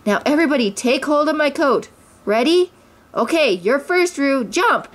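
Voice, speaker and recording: A woman's voice: sits high, moderate pace, pitched above the performer's own voice. A sensible young boy giving firm directions, as a woman reading aloud puts him on. Her voice is lifted a little for him. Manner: firm, steady. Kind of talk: storybook read-aloud.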